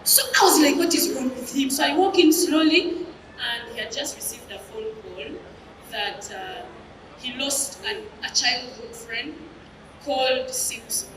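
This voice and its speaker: A Ugandan woman in her thirties performing stand-up comedy, telling animated stories and breaking into laughter. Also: high-pitched, unhurried, background noise. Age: 30s. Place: live comedy stage. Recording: roomy live hall from a distance.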